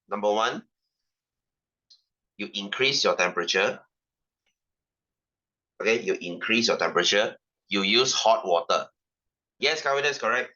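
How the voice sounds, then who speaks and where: A man's voice: fairly low pitch, animated, unhurried, long pauses, bright, forceful tone, dull audio. A male science tutor with a Singaporean English accent, teaching an online class, repeating himself and firing rhetorical questions with ranting asides.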